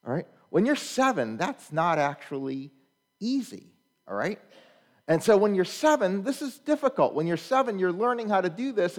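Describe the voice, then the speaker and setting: A pastor preaches in an easy, conversational way, tossing quick check-ins to the congregation and slipping into funny stories. His voice sits a little high and swings widely in pitch. The sound rings with a long reverb, as in a large sanctuary. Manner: animated storyteller with humorous anecdotes. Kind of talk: sermon.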